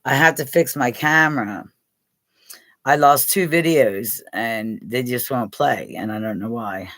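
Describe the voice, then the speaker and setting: A woman's voice: rumbling low, measured pace, fairly bright tone, no echo. An older woman from Pennsylvania hosting a casual live chat with her viewers, rambling, swearing freely and laughing often. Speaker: live stream host.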